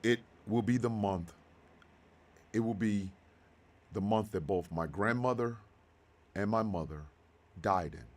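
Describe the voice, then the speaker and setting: Guy in his 50s, low voice, talks slow n heartfelt on his radio show. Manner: heartfelt, slow and halting, then bursts of loud excitement. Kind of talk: emotional monologue.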